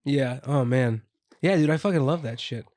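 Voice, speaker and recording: A man's voice: medium pitch, moderate pace, darkish tone, no echo, clean studio sound. A man chatting casually on a podcast, loose and profane, laughing often.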